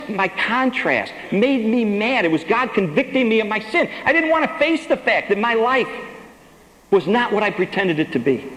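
A man's voice: high voice, fairly bright tone, reverberant, long reverb tail, poor audio. A man giving a sermon testimony, telling his story with emphasis and acting out the lines he quotes.

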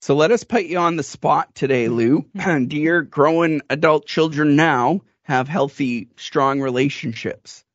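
A man's voice: on the high side, measured pace, no room sound. Male host, supportive, conversational, dry and slightly dull close mic. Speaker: podcast host. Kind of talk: casual interview chat. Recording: dry, muffled close recording.

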